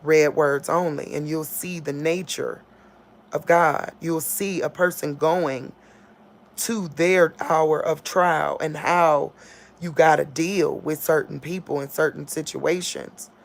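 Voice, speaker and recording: A woman giving an informal spiritual talk on a livestream. She laughs often and acts out quotes in a loud voice. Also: sits low, steady tone, slow, vocal fry. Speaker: online preacher.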